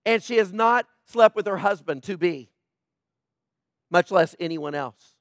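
A man's voice: high voice, lively intonation, measured pace, a bit bright, dry recording, clean studio sound. A man preaching a sermon in a conversational way, joking with people in the congregation. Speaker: pastor.

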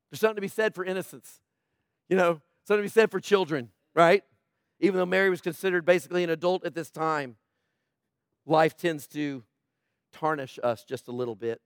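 A man's voice: fairly high pitch, fairly quick, clear, resonant tone, dry recording, studio quality. A man preaching a sermon in a conversational way, joking with people in the congregation. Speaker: pastor.

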